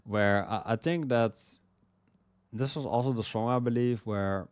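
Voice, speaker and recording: A man's voice: medium pitch, measured pace, smooth, no echo. A young man casually reviewing his favorite songs in a rambling way, full of "like" and "you know" and repeated words. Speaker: music reviewer. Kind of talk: casual spoken song review.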